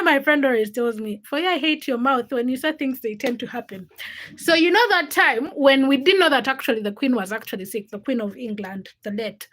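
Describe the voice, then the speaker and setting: A young woman with a fairly high voice chats away on her live stream. She laughs often and greets her viewers one by one in a loose, easygoing way. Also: a bit bright, poor audio. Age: young adult. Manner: chatty, laughs often, greets commenters by name. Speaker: livestream host.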